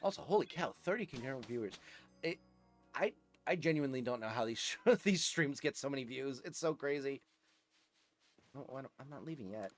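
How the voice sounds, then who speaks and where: A man's voice: medium pitch, lively intonation, brisk, soft background music. Rambling New Jersey guy streaming. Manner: rambling, chuckling, many fillers and restarts. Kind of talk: casual live-stream chat while gaming.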